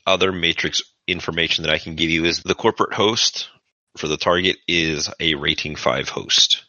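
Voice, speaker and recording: A man's voice: sits low, normal speed, pushed and bright, no room sound, lo-fi sound. A man serving as game master who narrates a tabletop game in a casual, descriptive way.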